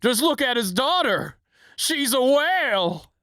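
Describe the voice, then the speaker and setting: A man's voice: very high-pitched, big pitch swings, slow pace, sharp tone, no echo, studio quality, voice pushed up, full character voice. A man voicing a tiny scheming male cartoon plankton with a whiny, complaining manner.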